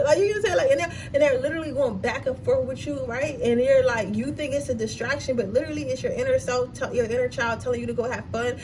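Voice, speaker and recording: Brief: young female tarot reader, high pitch, blunt and slangy, noisy recording. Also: quick pace, few pauses. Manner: blunt, profane, slangy, animated. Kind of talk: casual pick-a-card tarot reading.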